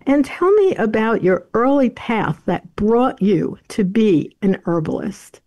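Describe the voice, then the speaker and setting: A woman hosting a talk show, introducing her guest in a measured, formal way before interviewing her. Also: a little high, sing-song, warm tone, highs cut off. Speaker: radio show host.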